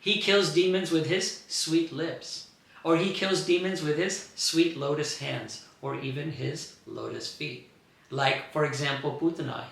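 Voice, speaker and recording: A man teaching a scripture class, telling the story in an explanatory, animated way. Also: mid-range voice, gravelly. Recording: very echoey room.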